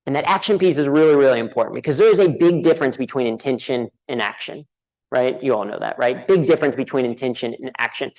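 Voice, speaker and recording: A man's voice: medium pitch, fast, a little mellow, rough recording. An American man giving a humorous keynote speech at a conference, telling a self-deprecating story to the audience and asking "right?" often. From United States. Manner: addresses a live audience directly. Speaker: conference speaker. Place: conference hall.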